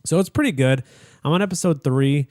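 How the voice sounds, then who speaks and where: A man's voice: on the high side, a little fast, darkish tone, no room sound. Young man, podcast co-host, casual chat, rambling, fillers, dry studio sound. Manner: rambling storyteller, many fillers and restarts.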